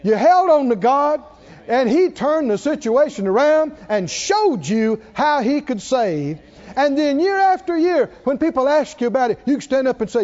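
A male preacher with a strikingly high voice delivers an impassioned sermon, rising to forceful peaks and falling back to quiet passages. The recording is dull and lo-fi. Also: expressive, normal speed. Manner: impassioned, rising to loud peaks and dropping low. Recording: dull lo-fi sound.

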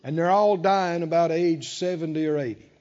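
A man's voice: fairly high pitch, moderate pace, a little mellow, long reverb tail, lo-fi sound. A man preaching a sermon, emphatic and calling out to the congregation. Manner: emphatic, call-and-response preaching.

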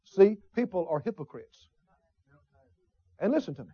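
A male preacher delivers a lively sermon, his voice set very high and swinging widely in pitch. He drops into folksy asides and trades call-and-response with his listeners. The sound is dry and a little dull and lo-fi. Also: normal speed, slightly rough, no echo. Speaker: pastor. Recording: dull, slightly lo-fi sermon recording.

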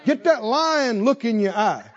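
Lively, high-voiced preacher man. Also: dull audio. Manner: animated, swings from low asides to loud shouted climaxes; drawls emphatic phrases slowly. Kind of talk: sermon.

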